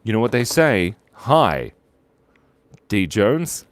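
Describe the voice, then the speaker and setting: Deep, playful man hosting a drawing stream. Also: big pitch swings, takes it slowly, noisy background. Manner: playful, jokey, reads viewer names and shout-outs aloud. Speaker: live-stream drawing host. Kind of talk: casual live-stream chat while drawing.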